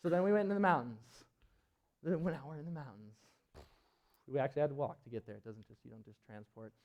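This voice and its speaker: A man's voice: medium pitch, fast, highs cut off. A young man telling a climbing story to a live audience in an auditorium, rambling and laughing, full of filler words. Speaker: presenter at a climbing event.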